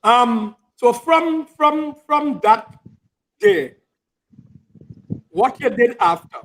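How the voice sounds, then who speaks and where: A male interviewer asking a long question, halting and repeating phrases. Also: extremely high pitch, animated, fairly bright tone, low-quality recording.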